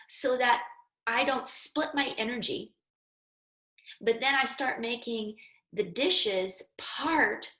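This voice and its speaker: A woman's voice: a little high, a bit bright, roomy sound, rough recording. A woman yoga teacher giving a casual, earnest and encouraging spoken lesson with conversational fillers.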